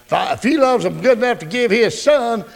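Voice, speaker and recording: A male pastor preaching a folksy, joking, animated sermon. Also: very high voice, fairly quick, creaky.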